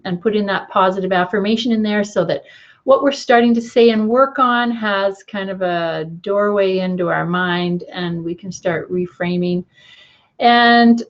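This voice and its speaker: A middle-aged woman leads a tapping lesson at a steady middle pitch. She is gentle and encouraging and keeps checking in with the listener. The recording is slightly dull and lo-fi. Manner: gentle, encouraging, repeats "okay". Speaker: tapping coach.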